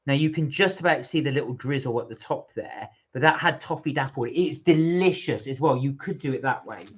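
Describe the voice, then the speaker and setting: A man co-hosting a casual live stream, reading out viewer comments in a chatty, animated way. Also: mid-range voice, a little fast. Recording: dull lo-fi live stream audio.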